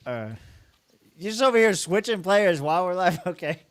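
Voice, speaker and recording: A man's voice: sits high, lively intonation, normal speed, clear, resonant tone, dry recording. Laid-back young man, dry close mic. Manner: rambling, swears freely, laughs often. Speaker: podcast co-host. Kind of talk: casual fantasy football chat.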